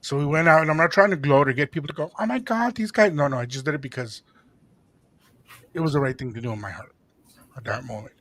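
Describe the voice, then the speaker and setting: A middle-aged man co-hosting a radio show, telling a story in a lively way and acting out the voices of the people in it. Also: a little high, fast talker. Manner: animated, acts out quoted voices, mixes in Spanish phrases. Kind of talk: casual storytelling chat.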